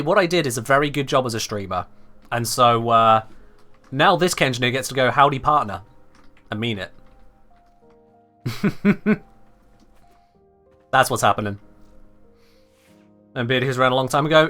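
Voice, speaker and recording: A British man chatting playfully with his live-stream audience while he plays a game. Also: medium pitch. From Britain. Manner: animated, playful, talks back to chat.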